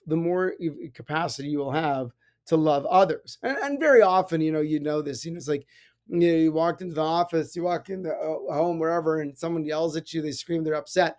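Animated storytelling rabbi, man. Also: fairly high pitch. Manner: animated storytelling with frequent restarts and laughs. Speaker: rabbi, podcast host. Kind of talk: casual spiritual talk.

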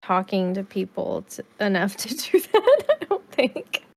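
A woman's voice: medium pitch, a little slow. Casual podcast co-host, woman, thick Southern accent, talkative, laughs easily. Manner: chatty and laughing, animated when excited. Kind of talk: casual chat.

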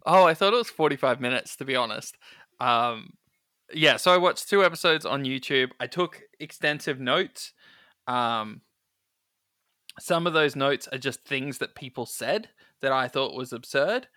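Man, podcast co-host, casual chat, bright voice, dry close sound, lots of ums. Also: mid-range voice, lively intonation, measured pace, dry recording. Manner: chatty, filler-heavy, amused.

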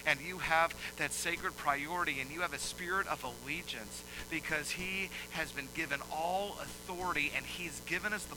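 A male pastor preaching a sermon, moving from quiet explaining to loud, emphatic preaching. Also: mid-range voice, background noise.

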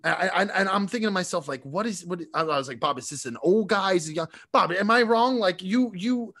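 A man co-hosting a casual podcast, telling an animated story and often laughing. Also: high-pitched, fairly quick. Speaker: podcast co-host.

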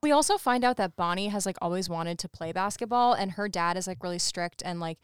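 A woman's voice: lowish voice, brisk, clean tone, no room sound, clean studio sound. A woman co-hosting a podcast, recapping a movie in casual chat, laughing often and acting out the characters' lines. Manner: laughs often, animated retelling with quoted voices. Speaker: podcast co-host.

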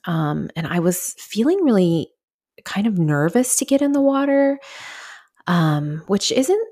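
A woman's voice: medium pitch, big pitch swings, unhurried, dark tone. A middle-aged woman hosting a solo podcast, telling a personal story in a candid, chatty way with lots of fillers. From Southern California. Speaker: podcast host.

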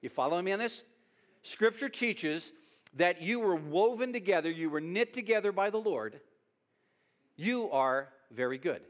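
A man preaching a sermon as pastor, animated, often restarting his words, speaking in a church hall. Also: high voice, moderate pace.

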